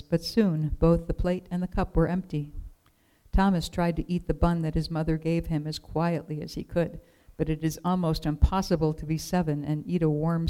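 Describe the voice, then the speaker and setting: A woman reading a children's storybook aloud in a gentle, measured way. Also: low-pitched, rough recording.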